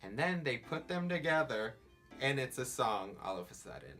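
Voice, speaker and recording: A man's voice: medium pitch, very animated, normal speed, bright, forceful tone. A young man with a Southern California accent, rambling casually in a vlog and filling his talk with "like.". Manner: rambling, lots of "like" fillers. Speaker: vlogger. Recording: faint background music.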